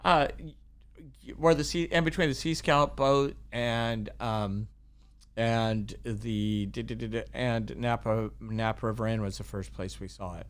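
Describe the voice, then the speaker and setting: A man's voice: mid-range voice, fairly even intonation, measured pace, clear, resonant tone. A man chatting casually as a podcast guest, rambling with many fillers and restarts. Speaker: guest, kayak tour business owner.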